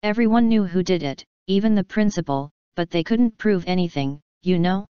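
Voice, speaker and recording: A woman voicing a teasing, steady young man with an easygoing, reassuring way of talking. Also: on the low side, moderate pace, clear, resonant tone, dry recording, lightly acted. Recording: dull dry audiobook recording.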